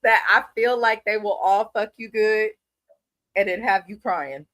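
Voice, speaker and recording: A woman's voice: mid-range voice, measured pace, a bit bright, no echo. A woman co-hosting a reality show recap in casual chat, blunt, profane and playfully dramatic.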